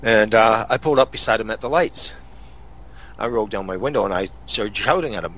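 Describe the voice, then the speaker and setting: A man's voice: on the low side, fairly quick, fairly bright tone. A man from Canada hosting a podcast, telling angry road-rage stories in a profane, casual rant. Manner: angry, swearing storyteller. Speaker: podcast host.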